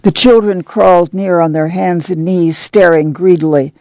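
A reader narrating a dramatic audiobook in a steady, measured way. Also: medium pitch, no room sound.

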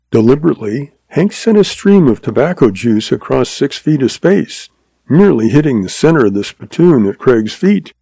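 A man narrating a story in an even, measured reading. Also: mid-range voice, creaky, slightly rough, dry recording.

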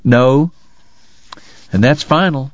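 Man as a soft, hushed dying gentleman, low voice, slow, dry close sound. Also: dry recording, lo-fi sound, close to an everyday voice. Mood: firm.

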